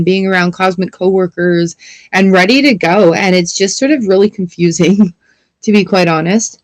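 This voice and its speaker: A woman's voice: fairly low pitch, no room sound. A woman tarot reader chatting casually on a livestream, rambling and laughing often as she pulls cards. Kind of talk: casual livestream chat while reading cards.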